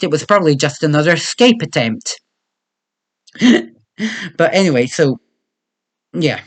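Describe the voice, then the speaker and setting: A man's voice: fairly high pitch, expressive, a little slow, pauses often. A young British man delivering a wry, self-deprecating stand-up comedy monologue.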